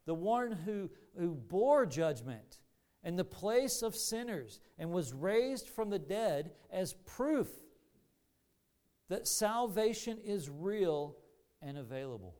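A male pastor delivers a sermon to his congregation, speaking in a slightly high, smooth and resonant voice. He takes his time, letting each phrase land with earnest, deliberate weight. His emphasis rises as he presses his points home. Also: very animated, a little mellow.

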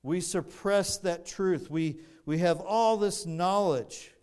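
A man preaching a sermon, explaining scripture in a measured way with frequent restarts. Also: high-pitched, a little mellow, smooth.

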